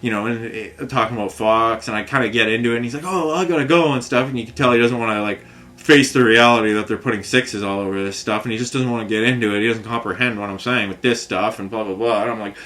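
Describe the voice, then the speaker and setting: A man's voice: on the low side, steady tone, fast, sharp tone. Frustrated man ranting in run-on stories. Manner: frustrated, run-on storytelling full of filler phrases. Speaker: vlogger. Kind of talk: rambling personal rant to camera.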